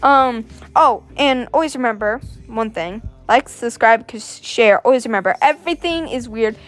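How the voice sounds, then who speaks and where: A woman hosting a casual reaction vlog, excitable and exasperated, talking with plenty of slang. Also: on the high side, moderate pace, soft background music. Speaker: host. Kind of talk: casual reaction vlog, reading a story aloud.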